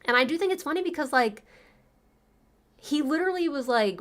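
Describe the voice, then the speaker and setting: A woman's voice: high-pitched, expressive, fairly quick, a bit bright. A woman livestream host chatting casually and sarcastically, laughing often as she retells a story.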